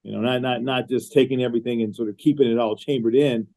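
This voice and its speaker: Middle-aged male guest, warm mellow tone, earnest, halting repeats, remote call. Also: medium pitch, fairly even intonation, creaky, low-quality recording. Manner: earnest, repeats words as he gathers his thoughts. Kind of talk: podcast interview conversation.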